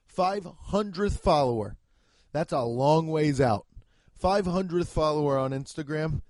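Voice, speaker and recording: A man's voice: on the high side, unhurried, a little mellow, no echo, clean studio sound. A man hosting a solo comedy podcast, ranting and rambling with heavy profanity. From United States. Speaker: podcast host.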